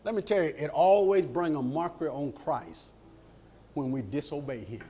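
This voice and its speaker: A middle-aged man preaching a sermon, animated and rising to shouts at his peaks. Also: on the high side, normal speed, husky. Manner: animated, shouts at peaks and acts out quoted voices.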